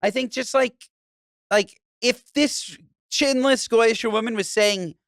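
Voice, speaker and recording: A man co-hosting a podcast in casual chat, animated and crude, laughing often and reading a listener letter aloud. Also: very high-pitched, takes it slowly, vocal fry, dry recording, clean studio sound. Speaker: podcast co-host.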